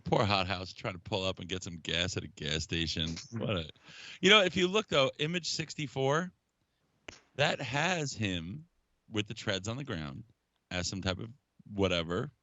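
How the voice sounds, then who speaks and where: A man co-hosting a casual toy podcast, eager and quick to laugh. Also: lowish voice, pushed and bright, dry recording, highs cut off. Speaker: podcast co-host. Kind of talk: casual chat about toys.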